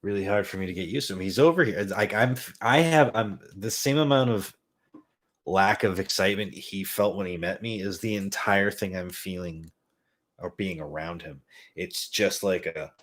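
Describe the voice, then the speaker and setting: A man's voice: low voice, moderate pace. A man hosting a podcast, telling a rambling, self-mocking, profane story in a casual comedic way. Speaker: podcast host.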